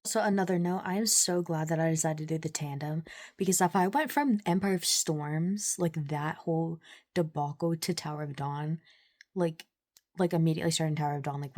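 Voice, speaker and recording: A woman's voice: lowish voice, darkish tone. A young woman vlogging her reactions to a book, chatty and full of "like", with gushing exclamations. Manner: chatty, fills speech with "like". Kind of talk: casual reading-reaction vlog.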